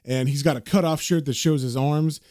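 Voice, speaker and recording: A man reading a comic aloud in a casual, animated manner, describing the panels. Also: a little high, normal speed, no room sound, clean studio sound. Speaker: comic book reader.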